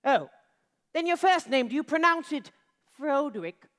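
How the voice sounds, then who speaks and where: A woman's voice: sits high, normal speed, a bit bright. Igor, a woman playing a sly chummy servant. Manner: sly, chummy, sing-song. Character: eager bug-eyed male servant Igor. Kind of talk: stage musical acting. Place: theatre stage. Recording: live stage show with band music.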